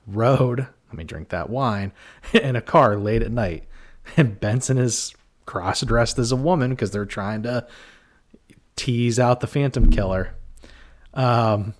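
A man's voice: lowish voice, unhurried. Laid-back man hosting a film podcast. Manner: relaxed, laughs often, acts out scenes. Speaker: podcast host. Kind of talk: casual chat.

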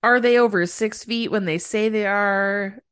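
A woman's voice: medium pitch, unhurried, smooth. Giggly woman co-hosting a podcast. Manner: giggly, laughs often mid-sentence. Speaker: podcast co-host. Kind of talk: casual chat recapping a TV episode.

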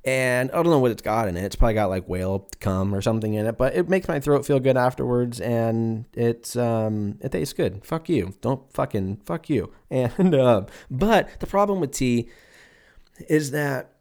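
A man's voice: mid-range voice, lively intonation, moderate pace, a little mellow, clear, resonant tone. A man in his twenties hosting a solo podcast, rambling and profane, mocking himself and laughing often as he talks into a mic at his computer. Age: 20s. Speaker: podcast host. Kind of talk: casual solo podcast rant.

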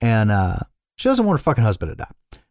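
A man's voice: on the low side, wildly swooping pitch, a little fast, darkish tone, dry recording, studio quality. A man co-hosting a podcast, casually retelling a film plot, swearing freely and rambling with fillers. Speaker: podcast co-host. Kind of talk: casual chat recapping a film.

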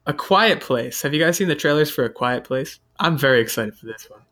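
A man hosting a casual chat, running through upcoming movies from an article with a relaxed delivery full of fillers. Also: fairly high pitch, brisk. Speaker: host.

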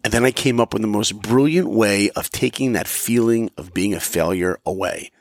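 A man's voice: lowish voice, moderate pace, no echo, studio quality. A man giving a motivational talk, telling a personal story and acting out the dialogue. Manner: animated, acts out dialogue. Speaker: motivational podcast speaker.

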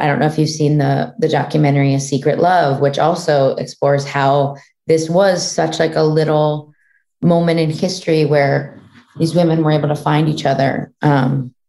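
A woman with a low-pitched voice answers questions in a casual interview. She speaks haltingly and searches for her words as she goes. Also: darkish tone. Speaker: co-creator of a series.

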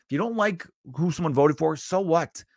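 A man's voice: on the high side, normal speed, no room sound, clean studio sound. A young man hosting a solo podcast, talking casually and bluntly, with plenty of swearing as he tells a story. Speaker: podcast host.

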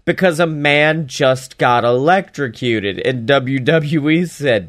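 A man's voice: a little high, measured pace, few pauses, a bit bright. A man giving a casual, sarcastic recap of a wrestling show, laughing as he mocks it. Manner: sarcastic, mocking, laughs while talking.

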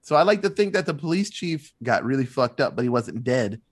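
A man in casual chat retelling a movie plot, animated and loose, swearing freely. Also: medium pitch. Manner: animated, swearing, quick asides.

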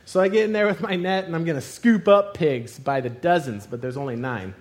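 High-voiced man telling a lively story. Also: a little fast. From Arizona. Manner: animated storytelling, acting out scenes with loud exclamations. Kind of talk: sermon with a comic personal story.

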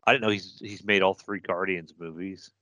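A man's voice: deep voice, fairly even intonation, moderate pace, bright, forceful tone. A man co-hosting a podcast, chatting casually and giving strong opinions. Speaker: podcast co-host. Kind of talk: casual chat.

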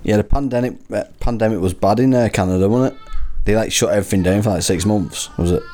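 A man from Wigan with a broad local accent and a fairly low voice hosts a loose podcast chat. He jokes around and laughs a lot between questions. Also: fast talker, mellow. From Wigan, England. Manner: jokey, laughs often. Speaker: podcast host.

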